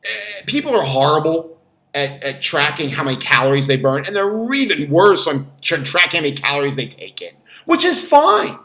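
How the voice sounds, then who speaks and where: A man's voice: fairly high pitch, normal speed. A man who works as a fitness trainer, giving blunt, casual advice. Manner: blunt, animated, acts out quotes in loud voices. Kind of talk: casual talking-head advice. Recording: echoey room.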